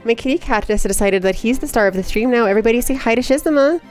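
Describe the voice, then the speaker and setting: A woman's voice: fairly high pitch, rapid-fire, darkish tone, faint music behind. Giggly, playful young-sounding streamer woman. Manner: playful, giggly, teasing chat; coos in baby talk to her cat. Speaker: livestreamer. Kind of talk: casual live-stream chat.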